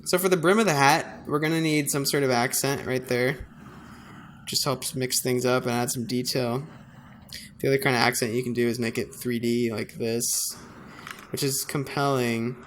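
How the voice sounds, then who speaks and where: A man's voice: mid-range voice, steady tone, fairly bright tone, slight background noise. Man thinking aloud while designing. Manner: thinking aloud, self-deprecating, unhurried. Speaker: designer narrating his work. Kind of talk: casual screen-recording commentary.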